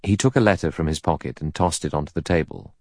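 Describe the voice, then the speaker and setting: A man narrating a novel as an audiobook in a steady, composed manner. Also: extremely low pitch, fast, no echo, clean studio sound.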